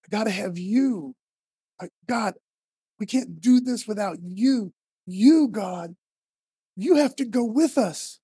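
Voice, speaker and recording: A man preaching a casual, conversational sermon, building emphatically to near-shouts when he quotes scripture figures. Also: high voice, vocal fry, breathy edge, no echo, clean studio sound.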